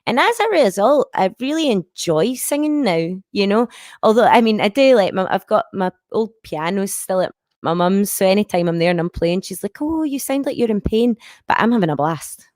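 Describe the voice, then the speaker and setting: A woman's voice: mid-range voice, animated, normal speed, darkish tone, no room sound, clean studio sound. A woman in her thirties with a broad Scottish accent from Lanarkshire, a musician chatting frankly as an interview guest, with many fillers. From Scotland. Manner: frank and chatty, sprinkled with fillers and a stray swear. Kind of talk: casual interview chat.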